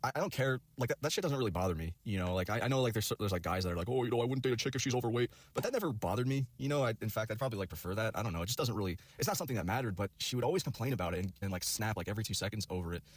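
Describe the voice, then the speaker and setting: A man's voice: lowish voice, animated, racing, few pauses, no echo. A young man telling a personal story in a casual, rambling way, heavy on fillers and profanity. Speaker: storyteller in a video clip.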